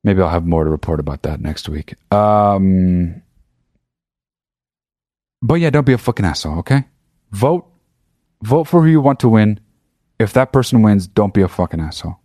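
A man rants to his listeners in a casual monologue, swearing freely and hammering his points home. His voice sits low, and the recording is dry with no room sound. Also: normal speed, pauses often, dry recording. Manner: profane, emphatic, animated. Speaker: podcast host.

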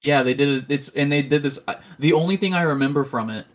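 A man guesting on a podcast, telling animated stories in a casual chat. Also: on the high side, fast talker. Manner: animated storytelling, laughs at own stories.

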